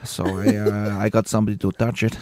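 A man voicing a mock injured male tennis player with an exaggerated Spanish accent, halting and slow. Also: lowish voice, level tone, very noisy, close to an everyday voice.

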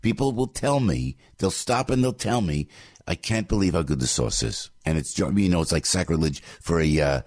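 A man's voice: deep voice, expressive, normal speed, a little mellow, dry recording. A man hosting live talk radio, emphatic and chatty, repeating himself with fillers. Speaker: radio talk show host.

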